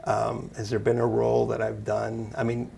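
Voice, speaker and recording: A man's voice: medium pitch, completely flat delivery, normal speed, vocal fry, a crowd in the background. A man talking casually as an interview guest, rambling and self-deprecating, laughing often. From Canada. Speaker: interview guest, actor and musician.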